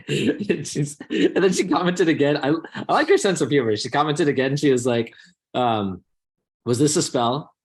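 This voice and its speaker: A man co-hosting a podcast in casual chat, telling stories excitedly and laughing a lot. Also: on the high side, moderate pace. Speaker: podcast co-host.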